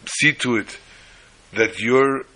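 A man's voice: medium pitch, slow pace, pushed and bright, poor audio. A man giving a sermon, emphatic, piling up repeated phrases and restarts.

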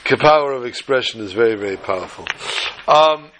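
A man's voice: mid-range voice, lively intonation, fairly quick, background noise. A man giving a storytelling talk to a small gathering, folksy and fond of joking asides.

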